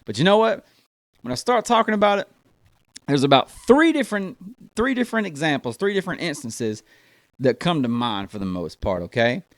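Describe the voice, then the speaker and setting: American guy doing stand-up, high voice that jumps all over, dry close sound, keeps going "man" and "right". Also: a little fast, no room sound. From United States. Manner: animated, talks to the crowd, fills lines with man and right. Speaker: stand-up comedian. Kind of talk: stand-up comedy routine.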